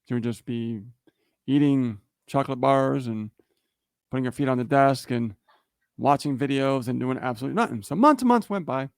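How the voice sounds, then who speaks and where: In a dry, studio-quality recording, a man with a gravelly mid-range voice and lively intonation speaks at normal speed. Co-hosting a livestream, he tells a motivational story casually, frequently asking "okay?" and "right?".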